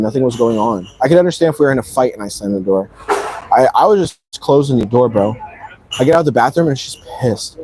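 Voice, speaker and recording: A man's voice: mid-range voice, warm tone, a little hiss or hum, poor audio. A man vlogging, telling a personal story in a rambling, emphatic way full of slang. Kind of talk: casual storytelling.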